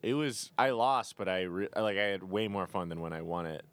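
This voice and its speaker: Low-voiced blunt, crude male comedian. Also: animated, normal speed, a bit bright. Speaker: comedian, podcast co-host. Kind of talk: casual chat.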